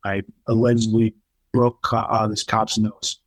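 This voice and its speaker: A man's voice: lowish voice, unhurried, no echo, low-quality recording. Middle-aged new guy telling his story on a podcast, dry close sound, acts out the quotes. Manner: candid, animated retelling with quoted voices. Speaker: podcast guest. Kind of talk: casual storytelling.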